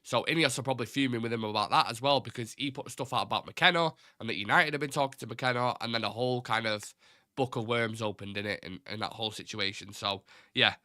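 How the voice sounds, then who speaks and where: A man's voice: medium pitch, fast, bright, forceful tone, no echo, clean studio sound. A young man hosting a casual fan livestream, blunt and indignant, swearing freely, with a slightly stuffy, nasal voice. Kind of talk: casual live-stream chat.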